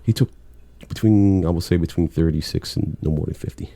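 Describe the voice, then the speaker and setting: A man's voice: low-pitched, brisk, warm tone, dry recording. A middle-aged man, a cable technician, telling work stories in a blunt, laid-back way with plenty of swearing. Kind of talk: casual storytelling chat.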